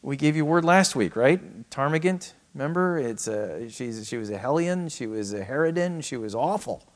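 A man preaching a sermon on a scripture passage, acting out the quoted lines and swinging from raised to hushed delivery. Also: mid-range voice, animated, moderate pace. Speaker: pastor. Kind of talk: expository sermon.

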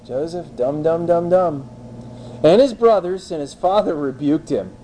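A man preaching an expository sermon in a lively, conversational way, with wry, blunt asides. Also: on the high side, a little slow, slight background noise, low-quality recording.

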